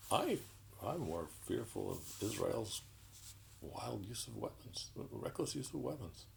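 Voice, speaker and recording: Deep gravelly man ranting. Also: very animated, a little hiss or hum, poor audio. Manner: indignant, sarcastic, halting with restarts. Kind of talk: political commentary monologue.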